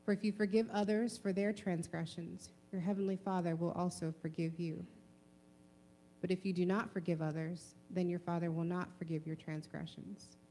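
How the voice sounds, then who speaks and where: A woman reading a scripture passage aloud in a steady, measured way. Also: lowish voice, slight background noise.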